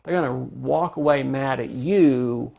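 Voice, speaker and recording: A man's voice: mid-range voice, a little slow, creaky, mellow. A man giving an informal parenting lesson, talking conversationally and acting out sample replies to a child. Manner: conversational, restarts phrases, acts out sample replies. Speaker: parenting instructor. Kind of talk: informal instructional talk.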